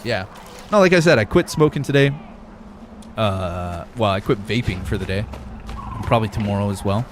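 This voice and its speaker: A man's voice: fairly low pitch, expressive, moderate pace, slight background noise. A young man live streaming a game, chatting loosely with his viewers, rambling and swearing a lot. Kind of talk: casual live stream chat.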